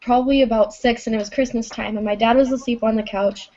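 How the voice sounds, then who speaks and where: A woman's voice: on the high side, fairly even intonation, quick pace, darkish tone. A seventeen-year-old girl from Kansas, sick at the moment, calling in to tell a ghost story, hesitant and full of "um" and "like". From Kansas, USA. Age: teens. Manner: hesitant, many "um" and "like" fillers. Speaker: caller. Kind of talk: telling a ghost story on a voice call. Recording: dull lo-fi voice chat audio.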